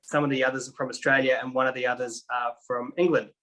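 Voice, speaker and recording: Bright-voiced New man. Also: mid-range voice, level tone, quick pace, low-quality recording. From New Zealand. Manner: explains with fillers, teasing. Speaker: band member. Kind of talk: casual interview.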